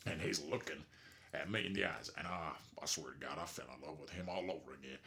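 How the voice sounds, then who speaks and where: Male actor as a gravelly, low cowboy, boastful and rambling, menacing by turns. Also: brisk, pushed and bright, heavily acted. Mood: hushed tender. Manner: rambling, drunken tall tales with sudden threats. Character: rowdy moonshine-drinking male cowboy, boastful and threatening. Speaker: improvised comedy character. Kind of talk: improvised comedy character interview.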